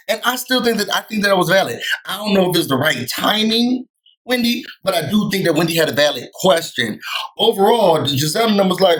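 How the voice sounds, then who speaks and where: A man giving a casual, sassy recap of a reality show, often jumping up in pitch to quote people. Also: very animated, a little fast, fairly bright tone, poor audio. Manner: sassy and chatty, jumps to higher pitch when quoting people. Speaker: TV recap vlogger.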